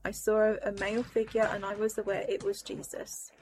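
A woman's voice: mid-range voice, monotone, a little fast, a little hiss or hum. Solemn woman recounting a vision. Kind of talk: personal testimony.

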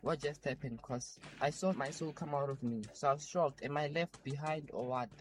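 A man's voice: a little high, moderate pace. A man giving an earnest personal testimony of a dream, repeating his points. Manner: earnest, repetitive retelling. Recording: faint background music.

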